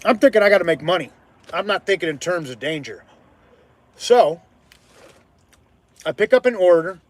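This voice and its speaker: A man tells a personal story in a loose, casual way. He swings between quiet asides and heated, swearing bursts, and his voice sits on the higher side for a man. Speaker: podcast host.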